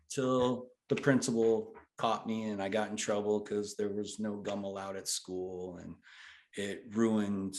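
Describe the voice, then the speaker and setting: A man in his forties, a guest telling his story in an animated, casual way. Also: lowish voice, measured pace. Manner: animated, swears then apologizes. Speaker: interview guest, brand founder.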